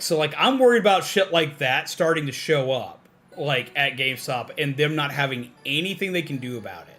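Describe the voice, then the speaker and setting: Over soft background music, a man with a higher, sharp-toned voice talks animatedly at normal speed. His game stream is a casual, rambling rant full of profanity and fillers.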